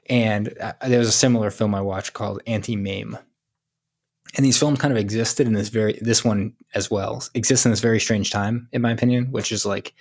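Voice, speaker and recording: A man's voice: fairly low pitch, breathy edge. A man co-hosting a casual movie podcast, giving a rambling opinion. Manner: rambling, searching for words. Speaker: podcast co-host. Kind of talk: casual movie review chat.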